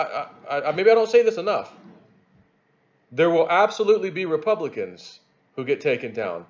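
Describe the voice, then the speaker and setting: A man giving rambling political commentary on his video channel, animated and repeating himself as he talks. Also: fairly high pitch, highs cut off. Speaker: YouTube commentator.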